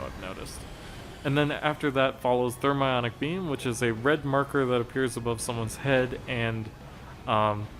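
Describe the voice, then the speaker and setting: A man at an everyday middle pitch talks through a raid fight in a game, step by step. He rambles, fills gaps with hesitations, and chuckles at his own mistakes. A faint hiss sits under his voice. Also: a bit bright. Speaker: gameplay commentator. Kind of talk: explaining a raid strategy over gameplay footage.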